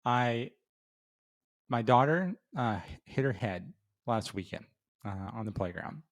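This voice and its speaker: A man's voice: mid-range voice, expressive, unhurried. A middle-aged man hosting a beer review show, telling a casual story full of fillers and restarts before giving his rating. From Florida. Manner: rambling with many fillers and restarts.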